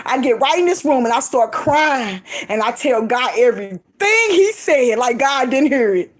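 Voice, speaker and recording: A middle-aged woman vlogging, giving lively, emphatic encouragement in a casual preachy way, laughing often. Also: high voice, normal speed, hardly any pauses. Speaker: faith vlogger.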